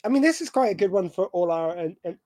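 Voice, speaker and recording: A man's voice: high-pitched, very animated, quick pace, a little mellow, no echo. British guy cohosting a podcast, jokey, goes off on tangents, dry close mic. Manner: chatty, joking, rambling asides. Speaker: podcast co-host. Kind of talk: casual chat.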